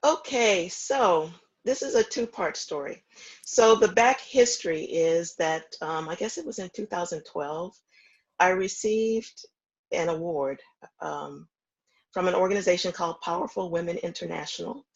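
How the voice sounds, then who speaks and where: A woman in her fifties from the American South, a foundation founder calmly recounting her story in a remote interview, with steady ums. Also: fairly low pitch, slightly rough, muffled recording. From Houston, Texas. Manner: measured, reflective storytelling with frequent ums.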